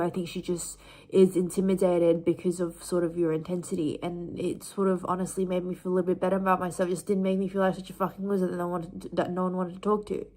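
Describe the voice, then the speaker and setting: A woman with a somewhat low voice pours out her frustrations to the camera, rambling and swearing. She keeps eating while she talks, so words come out around food. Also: a little mellow. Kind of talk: casual venting to camera.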